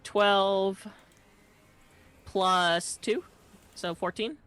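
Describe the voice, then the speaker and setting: Slow, hesitant woman playing a game. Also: mid-range voice, fairly bright tone, clean tone. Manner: unhurried, hesitant, thinks aloud with many fillers. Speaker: player.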